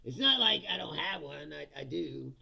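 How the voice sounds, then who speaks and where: Middle-aged male streamer, high bright gravelly voice, profane and jokey, slightly dull lo-fi audio. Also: big pitch swings, normal speed. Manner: laughs often, profane, reads chat comments aloud and answers. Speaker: livestream host reading chat. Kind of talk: casual ranting political comedy stream.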